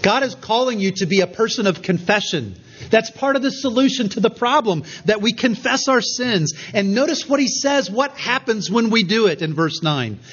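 A man preaching an earnest expository sermon, slowing down with emphatic pauses on key points. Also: high-pitched, animated, a bit bright, breathy edge, lo-fi sound. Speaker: pastor.

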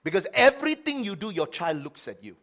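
With a high-pitched voice and a brisk pace, a middle-aged pastor preaches a sermon full of lively shifts, alternating forceful, loud lines with softer ones.

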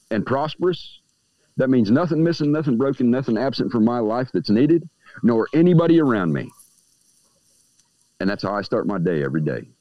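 A man chatting as a podcast guest, his pitch swinging widely as he slips into the voices of people he quotes. He pauses to puff on a cigar between thoughts. The sound is dry and a little muffled, like remote call audio. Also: dry recording. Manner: smokes a cigar while talking. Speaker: guest speaking on magick. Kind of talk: casual podcast conversation.

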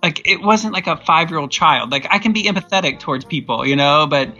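Bright, emphatic podcast co-host, slightly dull sound. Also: mid-range voice, expressive, brisk, soft background music. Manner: exasperated, emphatic storyteller. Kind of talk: casual chat.

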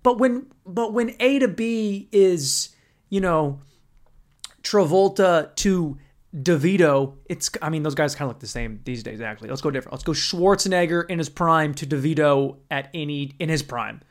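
A man's voice: fairly high pitch, normal speed. A young man hosting a podcast, ranting in a crude, sarcastic, rambling comedic style. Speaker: podcast host. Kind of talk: comedic rant.

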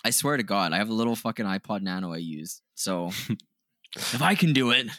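A man co-hosting a podcast in casual chat, talking excitedly, swearing often and laughing loudly. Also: lowish voice, normal speed, no echo, clean studio sound. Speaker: podcast co-host.

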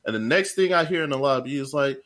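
A young man spins a rambling story among friends, cursing freely and laughing as he goes. He slips into quick quoted voices for the people in his tale, then drops back to his own plain, mid-pitched voice. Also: lively intonation, fairly bright tone. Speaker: storyteller in a group podcast.

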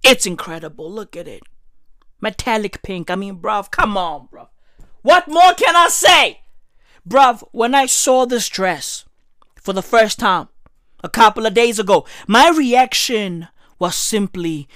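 A woman's voice: mid-range voice, very animated, slow, a bit bright, dry recording, studio quality. A woman in her thirties hosting a podcast, gushing in a profane, slang-heavy comic monologue. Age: 30s. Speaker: podcast host.

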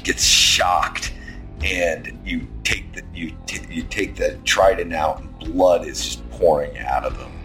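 A man's voice: low voice, fairly bright tone. A man running a tabletop game as game master, narrating the action in an easygoing way. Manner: easygoing, descriptive, laughs often.

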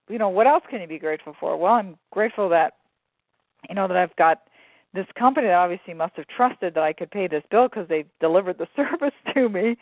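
A woman author telling stories in a relaxed interview, with frequent fillers and laughter. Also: mid-range voice, no echo. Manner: animated storyteller, many fillers and laughs. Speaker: guest author. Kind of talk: casual conversational interview. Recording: phone-like dry line.

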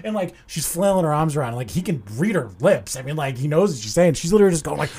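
A man's voice: fairly high pitch, fast, hardly any pauses. A man hosting a podcast, telling stories in casual chat and swearing freely. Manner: animated storytelling, swears a lot. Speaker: podcast host.

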